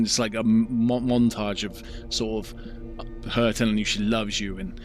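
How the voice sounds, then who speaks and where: A man's voice: on the low side, steady tone, moderate pace, vocal fry, faint music behind. A man running a tabletop role-playing game as dungeon master, narrating scenes in vivid, ominous detail.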